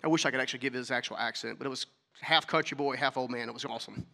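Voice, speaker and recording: A man's voice: medium pitch, rapid-fire, creaky, sharp tone, long reverb tail. A man telling a story to an audience as a motivational talk, acting out the dialogue and throwing questions at the listeners. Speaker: speaker.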